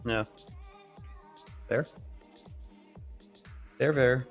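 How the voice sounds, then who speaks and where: Relaxed male co-host trader. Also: medium pitch, extremely slow, muffled recording, soft background music. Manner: relaxed, repeats himself, stammers. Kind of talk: casual live trading chat.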